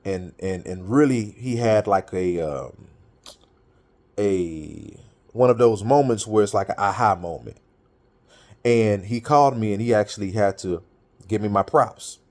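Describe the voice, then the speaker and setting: A man's voice: fairly low pitch, measured pace, darkish tone. A middle-aged man speaking straight to viewers, telling a story in loose, colloquial speech and acting out what he and his friend said. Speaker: motivational talker. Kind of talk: casual monologue.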